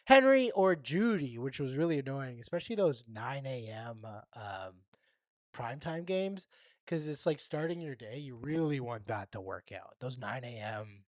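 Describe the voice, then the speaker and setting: A man's voice: mid-range voice, sing-song, moderate pace, no echo, studio quality. A man with a Canadian accent co-hosting a casual fantasy football podcast, joking around. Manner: joking, puts on silly voices. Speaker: podcast co-host.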